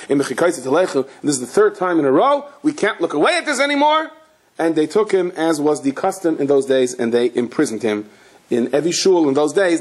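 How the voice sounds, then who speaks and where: A man, a rabbi, giving a Torah lecture as an animated storyteller who acts out the characters with sudden high-pitched outbursts. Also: slightly rough.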